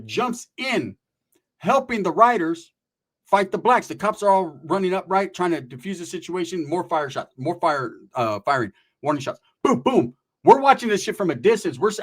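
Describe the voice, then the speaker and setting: A man from California tells a story about his prison experiences in casual, profane street slang, often ending sentences with "right?". His voice is on the high side and husky.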